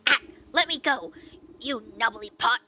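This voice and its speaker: A woman's voice: a little high, unhurried, sharp tone, a little hiss or hum, voice pushed up. A woman voicing a tiny mocking male nature spirit in a fairytale game, chittering and taunting. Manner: chittering, taunting, sing-song.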